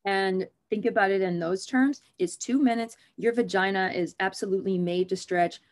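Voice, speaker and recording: A woman's voice: medium pitch, moderate pace. A woman OB/GYN, a guest on an interview show, talking frankly and with humor about her field. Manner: frank, animated and joking. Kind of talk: conversational interview.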